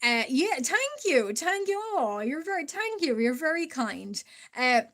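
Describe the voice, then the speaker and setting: A higher-pitched Irish woman talks casually to her live chat as she draws. Her voice is stuffy from allergies, with the odd cough. She chats in loose bursts full of "uh" and quick hellos to viewers. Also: big pitch swings, fairly bright tone. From Ireland. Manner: chatty, greets viewers, frequent fillers and laughs. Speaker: live-stream artist. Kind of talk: casual live-stream chat while drawing.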